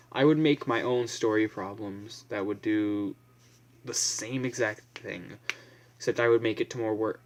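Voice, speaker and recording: A man's voice: lowish voice, moderate pace. A young man vlogging in a casual, blunt, profane ramble, full of fillers and restarts.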